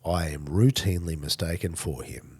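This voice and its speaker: Gravelly, deep-voiced Australian man. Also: normal speed. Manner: animated storyteller, blokey and jokey. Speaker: podcast host. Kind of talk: casual podcast chat.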